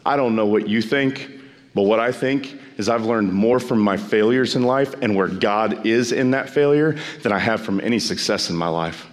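A pastor preaching a sermon, emphatic and repeating phrases, his voice climbing high when he exhorts. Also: normal speed.

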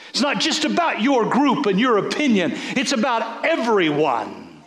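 A man's voice: sits high, big pitch swings, measured pace, hardly any pauses, fairly bright tone, reverberant. A man, a bishop, preaching a folksy sermon, repeating words as he builds.

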